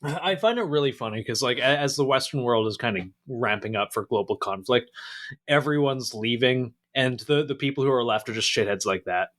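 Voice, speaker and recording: A man hosting a casual podcast, laid-back and profane, with deadpan jokes. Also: medium pitch, fairly quick. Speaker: podcast host.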